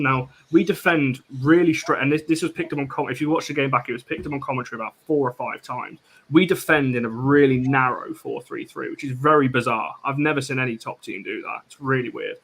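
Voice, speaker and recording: A man co-hosting a podcast, talking in a measured, analytical way. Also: medium pitch, fairly bright tone. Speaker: podcast co-host. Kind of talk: casual chat.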